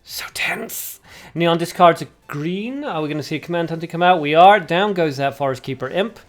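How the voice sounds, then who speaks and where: Man, livestream host, card game commentary, chatty and jokey, excitable play-by-play. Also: a little high, brisk. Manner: chatty and jokey, banters with viewers. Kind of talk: live game commentary mixed with chat replies.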